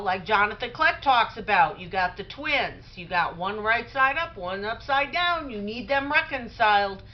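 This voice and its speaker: Middle-aged woman, conversational Bible talk, rambling storyteller, slightly muffled recording. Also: fairly high pitch. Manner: conversational storytelling with many fillers. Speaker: Bible teacher. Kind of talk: casual religious talk.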